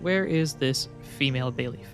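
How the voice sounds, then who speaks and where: A man's voice: mid-range voice, normal speed, faint music behind. A man running a tabletop game as game master, rambling and joking as he narrates. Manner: rambling, joking, laughs often.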